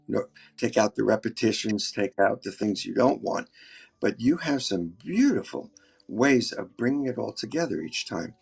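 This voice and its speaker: A man's voice: medium pitch, vocal fry, a little mellow, husky. A man who works as an architect, talking reflectively in a group call, often restarting his sentences. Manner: reflective, frequent restarts and fillers. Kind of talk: casual group discussion.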